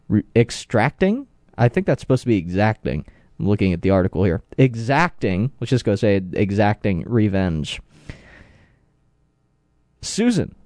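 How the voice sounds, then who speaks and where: A man's voice: medium pitch, a little mellow, no room sound, studio quality. A man hosting a radio talk show, reading odd news stories aloud with joking asides.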